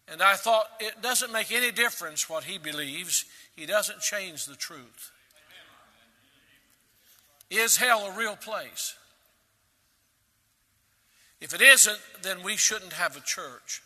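A man delivers a sermon with a very bright, piercing tone that sits high for a man. He preaches emphatically, leaping to loud peaks and then falling back soft. His voice rings with the long reverb of a big hall. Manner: emphatic preaching with sudden loud rises and quiet drops. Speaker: pastor.

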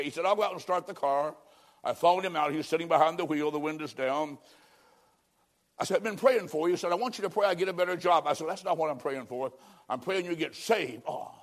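Pleading evangelist man, fairly high voice. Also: brisk. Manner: pleading, dramatic shifts between loud and hushed. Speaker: preacher. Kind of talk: evangelistic sermon with storytelling.

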